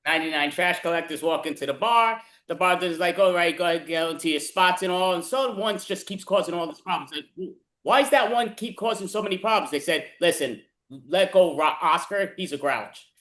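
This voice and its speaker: A man's voice: fairly high pitch, brisk, pushed and bright. Rambling man in an echoey room. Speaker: improv player. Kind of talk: casual joke telling.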